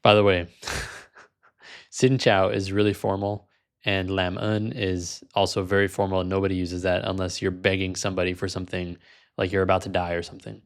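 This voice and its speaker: Lower-voiced man, casual vlog talk. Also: little pitch movement, brisk. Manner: casual, frank, sometimes amused. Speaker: language learner and video host.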